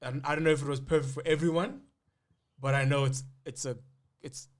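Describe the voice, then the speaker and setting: A man's voice: medium pitch, steady tone, brisk. Reflective man musing on a podcast. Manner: reflective, restarts his sentences. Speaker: podcast co-host. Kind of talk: casual chat.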